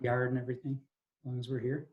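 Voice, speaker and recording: A woman's voice: extremely low pitch, flat delivery, quick pace, lo-fi sound, slight background noise. A woman on a video call as a prospective buyer, giving short approving remarks and asking to see more.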